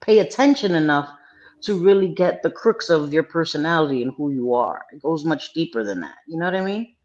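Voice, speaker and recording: Panel guest, mid pitch, emphatic and talky, muffled lo-fi audio. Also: expressive, brisk, a little mellow. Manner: emphatic, keeps saying "you know what I mean". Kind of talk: casual chat.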